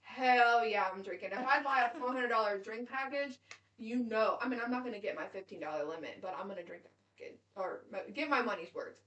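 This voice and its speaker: A woman in her late twenties co-hosts a podcast in a fairly high, fairly bright voice, talking a little fast on dull-sounding audio. The chat is casual, blunt and jokey, and she swears freely.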